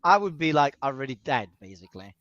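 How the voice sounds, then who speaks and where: A man's voice: medium pitch, sing-song, fast talker, a bit bright, no echo. A man with an Italian accent, a cold calling trainer, chatting casually and making sales calls over a video call, often laughing at himself and restarting his sentences. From Italy. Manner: laughs often, self-mocking, hesitant restarts. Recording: dull lo-fi dry call audio.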